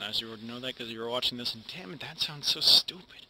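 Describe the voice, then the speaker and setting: A man's voice: mid-range voice, lively intonation, quick pace, sharp tone, slight background noise. A young man, a YouTube channel host, talking casually to camera in a home recording, rambling and mumbling at times, with many false starts and retakes. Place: indoors at home, in front of a camera.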